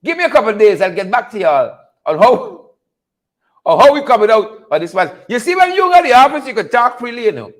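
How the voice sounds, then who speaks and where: Very high-voiced Guyanese man riffing. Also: big pitch swings, fairly quick. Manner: repetitive, chuckling, calls out viewers by name. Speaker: host of a political commentary show. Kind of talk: casual live commentary reading viewer names.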